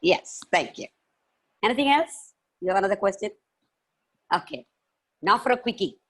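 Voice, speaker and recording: A woman tells stories to schoolchildren over a video call. She is lively and playful, breaking into chants, animal noises and laughter. Her delivery is expressive and engaging. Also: medium pitch, normal speed, husky. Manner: animated, playful, makes sound effects. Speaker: children's storyteller and author. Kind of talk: live storytelling session for children.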